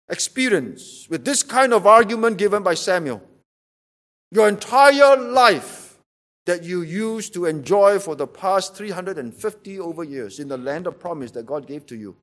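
Guy with a high voice preaching, pushy repeated questions, sermon style. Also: fairly bright tone. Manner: emphatic, repeats rhetorical questions.

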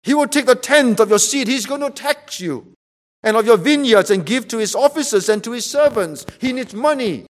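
A man's voice: very high-pitched, animated, moderate pace. A man preaching a sermon, emphatic and repeating rhetorical questions to drive his point home.

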